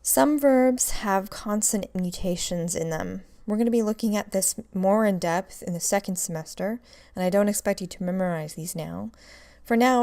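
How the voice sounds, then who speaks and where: A woman's voice: mid-range voice, mellow, dry recording. A woman teaching a recorded grammar lecture, explaining step by step and drilling examples. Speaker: Russian language teacher.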